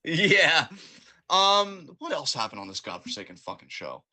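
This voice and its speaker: A man co-hosting a wrestling podcast in casual chat, his voice bright and ringing. He rants with profane, animated mock outrage, pitched a little above the usual male range. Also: unhurried. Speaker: podcast co-host.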